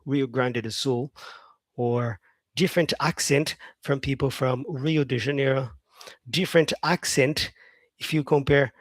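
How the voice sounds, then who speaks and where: A man's voice: a little high, no room sound. A man teaching English on a live stream, chatting with viewers by name, saying "yeah" often and modelling words by repeating them.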